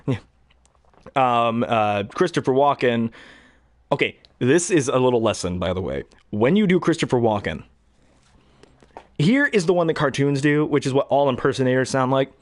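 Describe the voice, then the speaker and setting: Animated, rambling male voice actor. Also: medium pitch, moderate pace, long pauses, no room sound, studio quality. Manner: rambling, enthusiastic, chuckling. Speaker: hobby voice actor. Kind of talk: casual chat.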